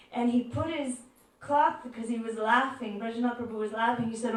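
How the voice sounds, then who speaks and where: A woman giving a devotional talk, telling stories gently and acting out the voices in them. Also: a little high, steady tone, brisk. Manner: gentle storyteller who acts out quoted voices. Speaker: devotional speaker. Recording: echoey room, far from mic.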